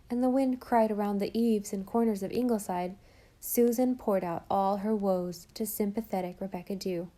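A woman reading an audiobook as narrator, with measured, gentle storytelling. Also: mid-range voice. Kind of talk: scripted narration.

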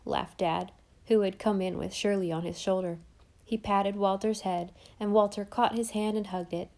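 A woman narrates an audiobook in a gentle, expressive storytelling manner. Her voice is mellow and warm, and her pitch is of middle height. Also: normal speed. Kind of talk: scripted narration.

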